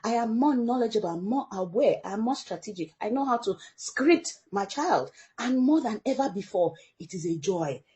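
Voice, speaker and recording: A middle-aged woman from Africa, a parent guest in an interview, telling a story with animated delivery and acting out the people she quotes. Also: on the high side, moderate pace, few pauses, muffled recording. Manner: animated storyteller who acts out quoted dialogue.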